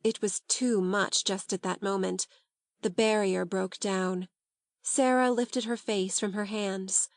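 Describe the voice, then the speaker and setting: A woman narrating a classic novel as an audiobook, in a calm, measured, unhurried way. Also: mid-range voice, no room sound, studio quality.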